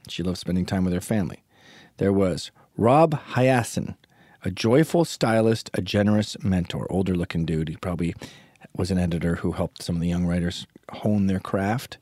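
A male podcast host rambles through a casual monologue, sarcastic and crude. His voice sits fairly low, and the sound is dry and close, with no room echo. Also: a little mellow.

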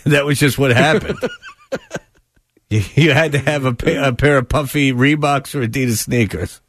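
A man's voice: medium pitch, moderate pace, a bit bright. A man hosting a sports radio show, cracking jokes and laughing through casual banter. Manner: wisecracking, laughs often. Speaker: radio host.

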